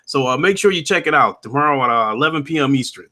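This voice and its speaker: A man's voice: medium pitch, animated, fast talker, bright, forceful tone. Male podcast guest with a mid-range voice, playful, hams up his own introduction. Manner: playful, mock-grand self-introduction. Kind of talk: casual live-stream chat.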